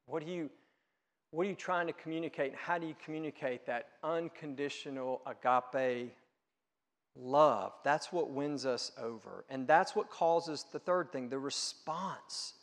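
Man, middle-aged, pastor, sermon, emphatic preaching, slightly high voice, long hall reverb. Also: a little slow. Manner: emphatic preaching, swinging from hushed to loud.

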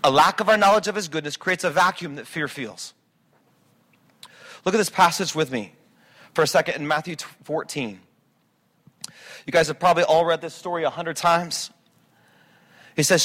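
A man preaching a sermon as a pastor, swinging between quiet reflection and loud, driving emphasis. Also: on the high side, moderate pace, pauses often.

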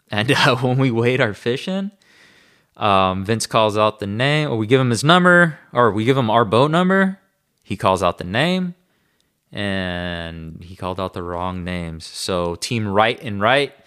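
A man's voice: fairly low pitch, a bit bright, clean tone. A man talking casually to the camera about fishing, in a laid-back, slangy way with frequent chuckles. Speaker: bass fishing angler. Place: room at home.

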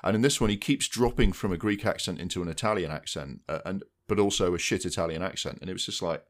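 A fast-talking man with a low voice co-hosts a podcast, chatting casually about new film releases. He rambles and restarts mid-sentence.

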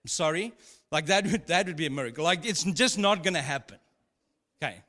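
A pastor preaches in a high, light voice, mixing scripture with funny family stories. His delivery is casual and conversational. The sound carries a long reverb from a large hall. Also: animated, fairly quick, pushed and bright. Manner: conversational, humorous storytelling with laughs. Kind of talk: sermon.

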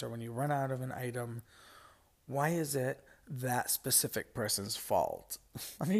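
Gravelly man rambling through a casual chat. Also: medium pitch. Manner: rambling, frequent fillers and asides, laughs often. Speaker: podcast host. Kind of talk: casual chat reading listener stories.

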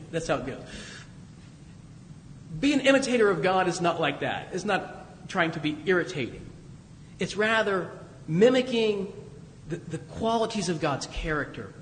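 A man with a high voice preaches a sermon, talking to the congregation like a friend and pushing his voice up for emphasis. He is heard from a distance in a large echoing church, with a long reverb tail behind every phrase. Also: a bit bright, slight background noise. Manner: conversational preaching with emphatic rises and asides. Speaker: pastor.

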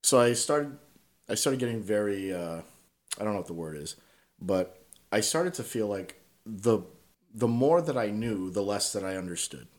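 A man's voice: fairly low pitch, expressive, normal speed. A man telling stories as a podcast guest in casual conversation, swearing freely and tagging his points with "right?".

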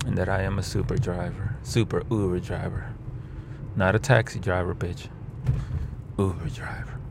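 A man telling a rambling, profane story from his car about his rideshare driving, switching into animated quoted voices. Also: low-pitched, normal speed, gravelly, background noise. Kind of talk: casual storytelling.

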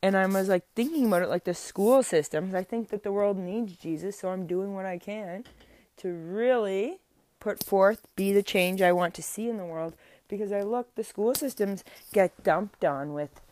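A woman's voice: mid-range voice, moderate pace, darkish tone, no room sound. A young woman talking into a mic at home in a casual, earnest, rambling monologue about her faith, with many restarts and fillers. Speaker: faith vlogger. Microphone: speaking into a mic.

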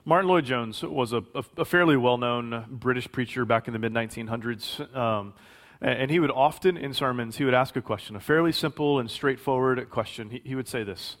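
A man's voice: medium pitch, fairly quick, fairly bright tone. A man in his forties preaching a sermon as a pastor, conversational, often repeating words and correcting himself as he goes. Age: 40s. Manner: conversational, repeats words and self-corrects, varies volume for emphasis.

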